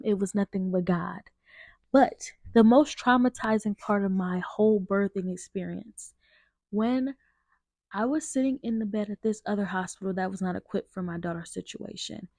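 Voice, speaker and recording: A young adult woman hosting a podcast tells a personal story candidly and emotionally, filling her speech with "like." Her medium-pitched voice is a little mellow on a dry recording, though partway through she switches to a lower-quality mic.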